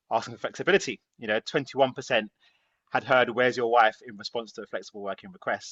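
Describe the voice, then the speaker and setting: Bright, emphatic male panel host. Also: on the low side. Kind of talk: hosting a panel discussion. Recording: dull lo-fi sound.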